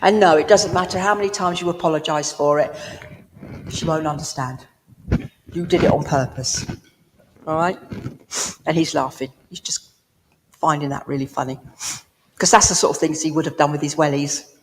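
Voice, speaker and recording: A woman's voice: low voice, steady tone, normal speed, pauses often, slight background noise. A woman giving a spiritualist mediumship reading in a village hall, chatty and down-to-earth, talking directly to a listener. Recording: long hall reverb.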